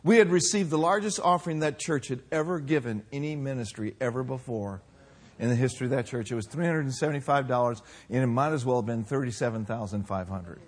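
A man in his sixties preaching a sermon, telling folksy personal stories with humor and lively emphasis. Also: medium pitch, quick pace. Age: 60s. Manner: folksy storytelling, animated with laughs. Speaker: pastor.

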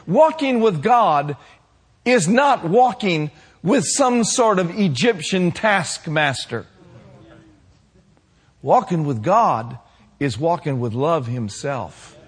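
A man preaching a sermon to his congregation, building to shouted passages and calling for responses. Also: fairly high pitch, expressive, slow, slightly rough. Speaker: pastor.

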